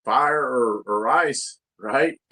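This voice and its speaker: A man's voice: mid-range voice, very slow, pushed and bright. A man, co-hosting a casual podcast chat, crude and boastful, often laughing at his own jokes. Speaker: podcast co-host.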